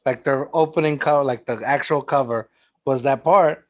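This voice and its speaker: Speaking at medium pitch and a moderate pace, this podcast host from San Antonio, Texas rambles through casual stories. His talk is full of "like" fillers and frequent laughter.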